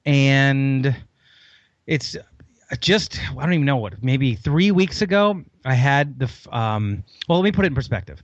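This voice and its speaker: A man's voice: mid-range voice, lively intonation, measured pace, no echo, highs cut off. A man guesting on a podcast interview, enthusiastic and long-winded, rambling through his story. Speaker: podcast guest, host of another show.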